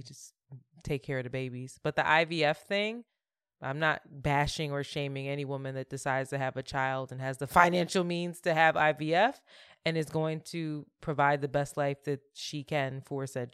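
A woman's voice: rumbling low, steady tone, moderate pace, fairly bright tone, clean tone, dry recording, studio quality. A woman co-hosting a podcast, candid and reflective in casual chat, laughing easily. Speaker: podcast co-host.

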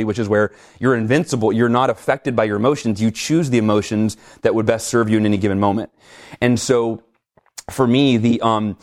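A middle-aged man talking in an interview, energetic and animated, acting out his own reactions as he tells stories. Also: on the low side. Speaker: guest speaker. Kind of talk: conversational interview, storytelling.

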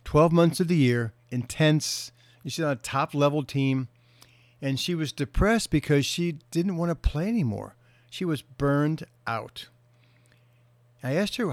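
A middle-aged man, a counselor, giving an earnest motivational talk and slowing down to stress key words. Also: a little high, animated, no room sound. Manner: earnest storytelling, slows for emphasis.

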